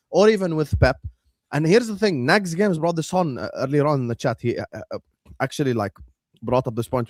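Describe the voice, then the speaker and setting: A young man hosting a stream, arguing about football in a heated, animated way, swearing and dropping Arabic phrases. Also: on the high side, no room sound, studio quality. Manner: argumentative, animated, swears, says "wallah" and "inshallah". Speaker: host.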